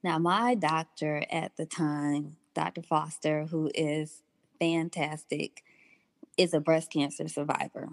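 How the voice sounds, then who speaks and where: A woman in her thirties, appearing as a guest, tells her personal story candidly and without hurry, acting out the dialogue she remembers. Her low, gravelly voice keeps a fairly even intonation, with no room sound.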